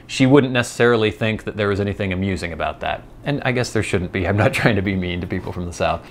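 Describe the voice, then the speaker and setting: A man's voice: low-pitched, fast talker, a little hiss or hum. A man hosting a vlog, thinking aloud in a casual, rambling monologue with self-deprecating asides. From United States. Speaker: vlog host.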